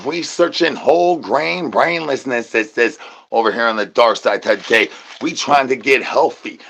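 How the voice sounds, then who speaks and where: A man's voice: medium pitch, moderate pace, gravelly, slight background noise. A man ranting an absurd comedy monologue full of rhyming nonsense slang and stuttered repeated words. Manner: shouts out catchphrases. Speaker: comedy channel host. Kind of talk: absurd improvised comedy rant.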